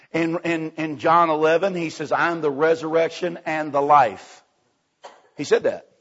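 A man preaching a sermon in a folksy, punchy way, with sudden loud bursts. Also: on the high side, breathy edge. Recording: dull lo-fi sound.

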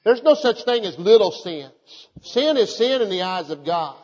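High-voiced older preacher. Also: male voice, animated, darkish tone. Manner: fervent, exhorting preaching with rhetorical calls to the congregation; reads scripture aloud in a measured cadence. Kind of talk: sermon. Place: church hall before a congregation. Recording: echoey hall, dull lo-fi sound.

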